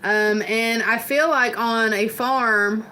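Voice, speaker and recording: Kentucky woman, farm livestream host, fairly high and bright voice, easygoing and laugh-prone. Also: fairly even intonation, takes it slowly. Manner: laughs often, rambling with many fillers. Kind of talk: casual live chat answering viewers.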